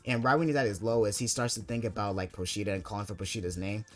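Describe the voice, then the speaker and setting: Young male essayist, lowish voice, casual rambling recap, lots of fillers, soft music under. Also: fairly even intonation, fast talker. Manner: rambling, heavy filler words like "like" and "basically". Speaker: anime video essayist.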